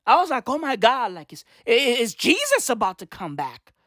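A woman delivering a profane comic rant, provocative, jumping between loud outbursts and muttered asides. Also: a little high, wildly swooping pitch, normal speed, dry recording, clean studio sound.

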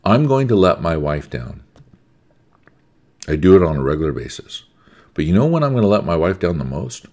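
Male preacher, American, middle-aged, very low voice, swings up and down a lot, emphatic conversational sermon. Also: big pitch swings, normal speed, pauses often, a little mellow. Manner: emphatic, conversational, repeats words for stress.

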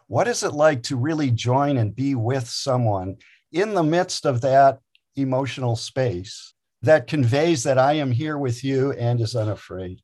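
A man speaking at an ordinary, middle pitch tells a long personal story as a guest. His delivery is earnest and thoughtful, measured in its pacing. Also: lively intonation, a little mellow. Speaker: chaplain and physician guest. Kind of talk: reflective storytelling.

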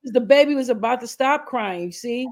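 A woman's voice: a little high, expressive, normal speed, darkish tone. A woman giving reaction commentary in an outraged, profane, emphatic way.

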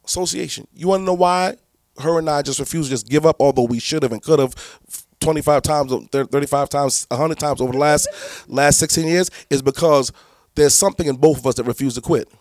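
A man's voice: a little high, brisk, a little mellow, no room sound. A man, a pastor, teaching church leaders in a preaching style, emphatic and repetitive with many restarts.

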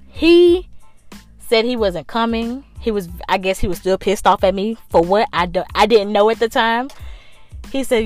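A young woman spins a casual storytime to her viewers, lively and blunt, with plenty of swearing thrown in. Her voice sits at an ordinary middle pitch, with soft music faint behind her. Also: normal speed. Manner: animated, addresses the viewers directly, swears freely.

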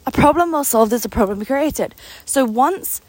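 A woman's voice: high voice, lively intonation, moderate pace, darkish tone, no echo. A young woman business coach giving an unscripted motivational talk, enthusiastic, a little out of breath, repeating words for emphasis. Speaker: business coach and company founder.

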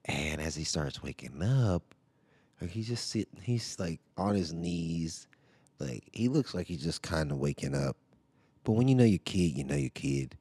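A man's voice: low voice, lively intonation, unhurried, warm tone, slightly rough, dry recording. A father podcasting from home, telling a story in a casual, rambling way, full of "like" and "right?" asides.

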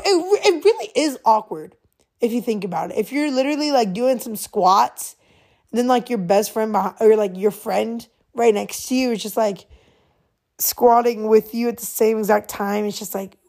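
A woman's voice: fairly high pitch, moderate pace. A young woman hosting a casual solo podcast, chatty and slangy, often laughing at herself as she rambles. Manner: chatty, giggly, slangy, animated. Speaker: podcast host.

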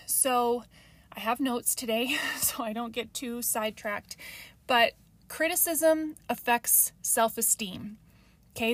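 A woman in her thirties hosting a solo podcast, talking earnestly and confessionally with frequent ums. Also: on the high side. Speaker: podcast host. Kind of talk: reflective solo podcast talk.

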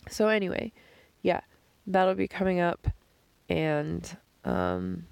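Hoarse, gravelly woman musing slowly. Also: fairly low pitch, darkish tone, dry recording. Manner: slow, halting, thinking aloud with pauses. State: hoarse from screaming and crying. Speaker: podcast host. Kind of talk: reflective solo voice diary. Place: outdoors in the desert at night, lying under blankets. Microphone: phone held above her face.

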